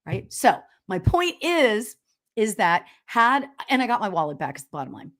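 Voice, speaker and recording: Loud, chatty woman medium. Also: mid-range voice, moderate pace. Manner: loud, animated storyteller with frequent laughs and "you know?". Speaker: spiritual medium hosting a live stream. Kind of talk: casual livestream chat reading viewer comments.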